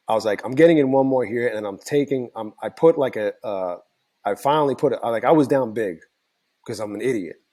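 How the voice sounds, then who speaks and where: Hoarse tired man recapping his trades. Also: fairly low pitch, darkish tone. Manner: rambling, self-correcting, many fillers. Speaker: trading channel host. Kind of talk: casual screen-share recap.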